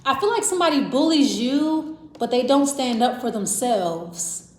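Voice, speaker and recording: A woman's voice: high voice, expressive, unhurried. A woman giving a casual tarot reading to camera, rambling and repeating herself as she talks straight to the viewer. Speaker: tarot reader. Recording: roomy echo.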